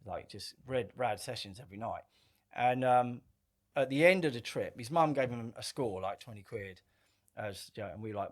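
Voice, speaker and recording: A middle-aged man telling a story casually on a podcast, animated, swearing freely and acting out quoted lines. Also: medium pitch, normal speed. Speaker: podcast guest.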